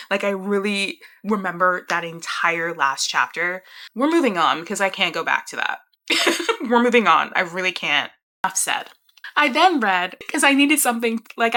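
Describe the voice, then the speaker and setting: A young woman talks to camera about the books she has read lately, in a casual, chatty way. Her voice is bright and clear, she laughs often, and she trails off into half-finished sentences. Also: medium pitch. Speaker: book vlogger. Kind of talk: casual reading wrap-up chat.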